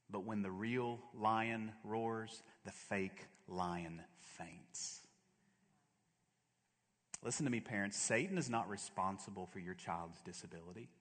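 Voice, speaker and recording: A male pastor preaching a sermon, swinging from hushed, slow lows to fervent, louder peaks. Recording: long hall reverb.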